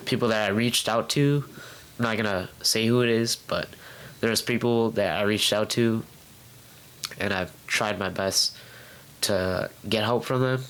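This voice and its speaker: A young man telling his own story in a casual interview at home, halting and candid, with many fillers and restarts. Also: fairly low pitch, fairly bright tone, rough recording. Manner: acts out his past self in quoted outbursts. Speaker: guest. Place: home room.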